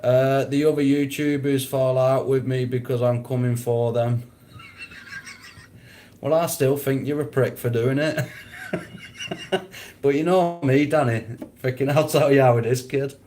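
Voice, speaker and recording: A faint hiss or hum sits under this livestream, where a mellow, mid-range male voice speaks unhurriedly, with fairly flat intonation and long pauses. Laid-back, he reads comments, curses a lot and often laughs.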